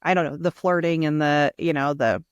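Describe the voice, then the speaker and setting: A woman's voice: low voice, steady tone, normal speed, clean tone, no room sound. Reflective woman podcast host. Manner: reflective, thinks aloud with hedging fillers. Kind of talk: casual chat.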